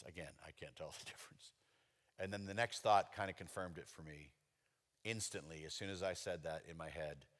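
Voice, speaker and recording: A middle-aged man delivers a sermon like he is telling a story to friends, bursting into loud, animated moments now and then. His tone is bright and forceful. The sound carries the long reverb of a church sanctuary. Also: sits low. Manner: conversational storytelling with animated outbursts. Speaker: pastor.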